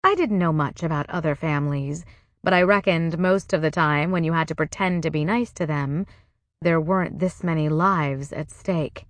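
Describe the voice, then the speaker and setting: A woman narrating a first-person novel in a measured, wry way. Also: sits low, no room sound. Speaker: audiobook narrator.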